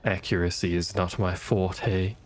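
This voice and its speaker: A man's voice: sits low, flat delivery, measured pace. A man giving casual, wry commentary as he plays a game, muttering and swearing at enemies. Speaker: gaming streamer.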